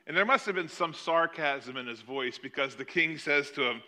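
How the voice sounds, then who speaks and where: A man preaching a sermon, retelling a Bible story with animated delivery and acting out the characters' lines. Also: medium pitch, moderate pace, few pauses. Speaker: pastor.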